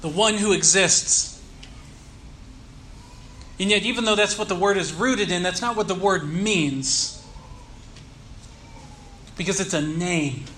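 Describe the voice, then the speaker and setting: A man preaching a sermon, teaching earnestly and leaning slowly on key words. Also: high voice, sharp tone, slight background noise. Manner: earnest teaching tone with slow emphatic stresses. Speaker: pastor.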